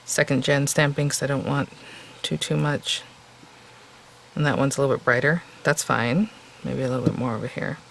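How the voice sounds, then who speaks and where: A woman's voice: very deep voice, fairly even intonation, moderate pace, vocal fry, slight background noise, low-quality recording. A woman demonstrating card making in a casual crafting tutorial. She chats and thinks aloud as she works, and her voice sounds a little tired. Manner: chatty, thinking aloud while working. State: voice getting tired.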